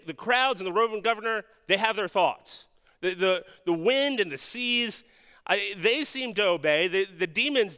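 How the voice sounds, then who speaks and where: A man's voice: fairly high pitch, sharp tone. A man preaching a sermon as pastor, earnest and questioning, often restarting his words. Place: church sanctuary. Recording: long hall reverb.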